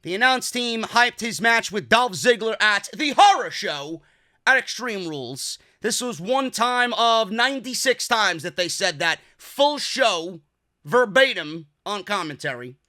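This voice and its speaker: A man's voice: high voice, expressive, a little slow, sharp tone, no echo, studio quality. A man with a New York accent hosting a wrestling review podcast, talking in a sarcastic, profane, exasperated way. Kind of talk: casual review monologue.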